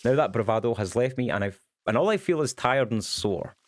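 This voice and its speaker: A man's voice: mid-range voice, lively intonation, a little fast, close to an everyday voice. A man reading out the lines of a weary, sore bug adventurer from a video game.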